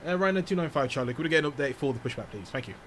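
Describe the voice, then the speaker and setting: Excitable young British man, lively pitch. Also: very fast, a little hiss or hum. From United Kingdom. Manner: excitable, jokey, laughs often. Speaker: flight sim streamer. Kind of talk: casual gaming commentary with radio calls.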